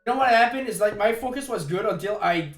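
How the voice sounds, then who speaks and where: A young man from Quebec with a Québécois French accent, chatting on a live stream, excitable and stammering, laughing often. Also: high-pitched, quick pace. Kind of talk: casual live-stream chat. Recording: echoey room with faint music.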